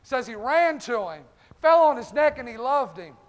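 A man's voice: extremely high pitch, lively intonation, moderate pace. A male pastor preaching a fervent revival-style sermon in a church, calling out congregation members by name. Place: church sanctuary. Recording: echoey church hall.

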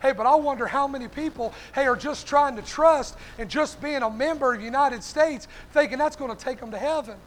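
High-voiced fervent male preacher. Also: a little fast, hardly any pauses, fairly bright tone. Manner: fervent, peppers phrases with "hey"; addresses listeners by name. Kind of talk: evening sermon to a congregation.

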